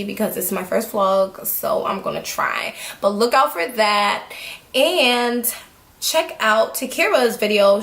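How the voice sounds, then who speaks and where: A young woman vlogger casually telling a story, acting out what people said and laughing often. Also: fairly high pitch. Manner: animated, acts out quotes, laughs often. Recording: echoey room.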